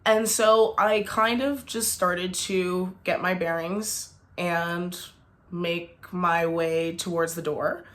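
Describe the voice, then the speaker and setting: A woman's voice: fairly low pitch, steady tone, takes it slowly, fairly bright tone. A young woman vlogger telling a storytime tale, chatty and indignant, full of "like". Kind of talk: storytime vlog.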